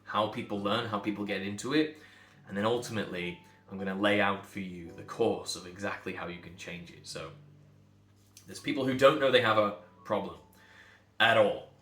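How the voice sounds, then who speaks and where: A man from England, a speech coach, talking bluntly and emphatically to camera, sometimes building to loud outbursts. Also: lowish voice, fairly even intonation, moderate pace, reverberant.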